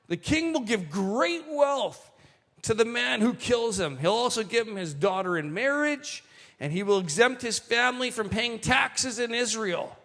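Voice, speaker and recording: A male pastor with a high-pitched voice delivers an animated sermon in a reverberant hall, reading scripture and commenting on it. He slows down for quoted lines and makes asides to the congregation.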